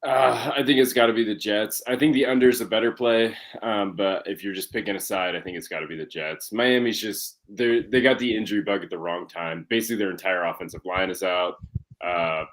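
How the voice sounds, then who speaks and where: A man on a panel giving relaxed, slightly hesitant betting picks in a casual chat. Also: lowish voice, fairly quick.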